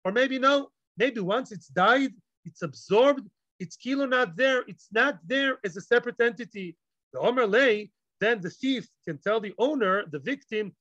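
A man's voice: sits high, lively intonation, normal speed, a bit bright, dry recording. A man teaching a Talmud class, playfully acting out both sides of the argument and mixing Hebrew and Yiddish terms into his talk. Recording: dull, lo-fi dry recording.

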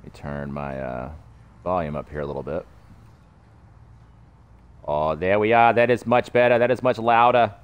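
A deep, smooth male voice with little pitch movement speaks at normal speed, leaving long pauses; the high frequencies are cut off. He streams a game in character as a pompous cartoon mayor, rambling in a put-on politician voice, his Boston-style accent slipping toward Brooklyn.

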